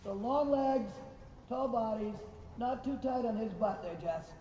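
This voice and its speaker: Guy teaching a riding lesson, high voice, mellow tone, way off from the mic, cheers on the horses and fixes the riders. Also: a little slow, a little hiss or hum. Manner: calls encouragement and corrections to riders and horses. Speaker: riding instructor. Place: riding arena. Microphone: recorder far from the speaker. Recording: distant, echoey, dull recording.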